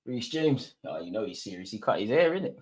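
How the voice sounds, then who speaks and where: A man's voice: lowish voice, very animated, fairly quick, slightly rough. A young man hosting a live football watch-along, reacting as a partisan fan and talking straight to his viewers in street slang. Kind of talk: live fan commentary on a match.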